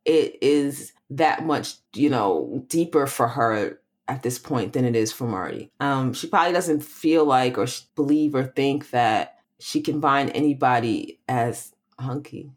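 Low-voiced woman, measured and explanatory. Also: lively intonation. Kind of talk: casual chat recapping a film.

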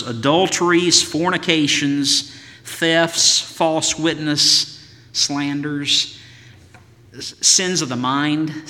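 A man's voice: fairly high pitch, sharp tone, long reverb tail. A man preaching a sermon as pastor, in an emphatic voice with rhythmic lists and rhetorical questions.

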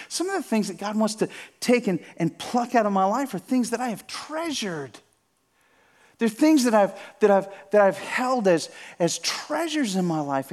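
A man delivers a sermon from a church platform. His voice sits high for a man, and he speaks earnestly. He restarts and repeats phrases as he builds toward a point. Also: very animated, normal speed. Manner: earnest, repeats phrases, rising and falling intensity. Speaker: pastor. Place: church sanctuary.

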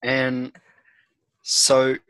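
A man's voice: medium pitch, monotone, very slow, a bit bright, clean tone, dry recording, poor audio. A young Australian man in casual chat, telling a school story in a laid-back, amused way.

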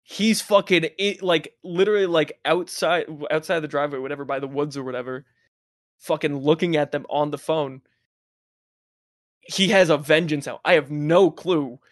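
A young man casually telling a wild high school story, swearing often and laughing between lines. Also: moderate pace, no echo, clean studio sound. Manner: profane, laughing, animated anecdote telling.

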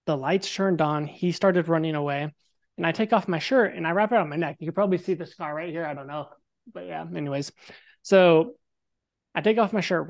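A young man, a podcast guest, telling his story casually and vividly, swearing freely and acting out what people said. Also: high voice. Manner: animated, swears freely, acts out quotes.

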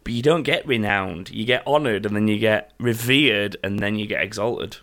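A man's voice: on the low side, moderate pace, a bit bright. A man, a podcast host chatting casually and telling stories. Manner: chatty, laughing, storytelling. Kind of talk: casual chat.

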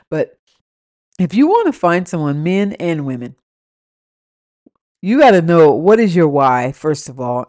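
A woman's voice: low voice, darkish tone, no echo, clean studio sound. A young adult woman hosting a podcast, telling a story and giving dating advice in a casual rant with blunt, profane remarks and laughing asides. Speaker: podcast host.

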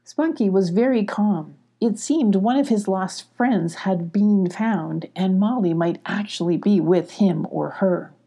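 Woman, storybook narrator, gravelly, husky, gentle even telling. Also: mid-range voice, measured pace, hardly any pauses. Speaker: audiobook narrator.

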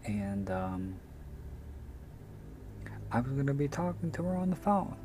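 Slow-talking, candid male author. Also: mid-range voice, sing-song, warm tone, slight background noise. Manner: candid, self-deprecating, swears freely. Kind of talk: casual anecdotal storytelling.

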